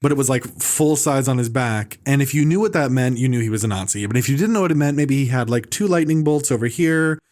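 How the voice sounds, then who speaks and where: A man's voice: medium pitch, fast, few pauses, a little mellow. A man hosting a casual film podcast, rambling through reviews with restarts, fillers and mocking asides. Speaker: podcast host.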